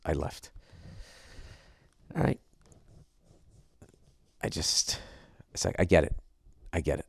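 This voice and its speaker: A man's voice: low-pitched, darkish tone, dry recording, clean studio sound. A man hosting a podcast, telling a comic story in a profane, exasperated rant. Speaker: podcast host. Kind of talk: comedic monologue rant.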